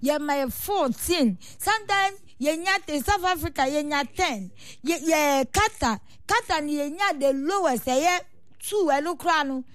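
A woman's voice: sits high, normal speed, a bit bright, no room sound, clean studio sound. A woman with a Ghanaian accent, a football supporters' union leader, giving earnest, complaining interview answers. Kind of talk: interview answers, mixing Twi and English.

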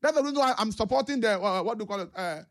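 A man's voice: high-pitched, expressive, very fast, a bit bright. A man with a Ghanaian English accent, calling in to a talk show and giving impassioned political commentary with rhetorical questions. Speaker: caller.

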